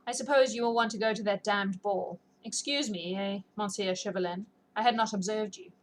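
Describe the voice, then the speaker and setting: A woman voicing a lazy, foppish English nobleman in a storybook reading, speaking in a slow, exasperating drawl. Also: medium pitch, natural voice, rough recording. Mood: languid.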